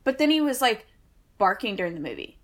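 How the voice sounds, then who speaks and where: A woman's voice: on the high side, very animated, a little fast, crowd noise. A woman, co-hosting a podcast and telling a long, wry, exasperated story in casual chat. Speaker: podcast co-host.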